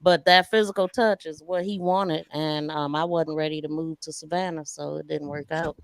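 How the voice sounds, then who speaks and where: A middle-aged woman in a casual group chat, telling personal stories in a relaxed way, laughing often. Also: low voice, moderate pace, dry recording.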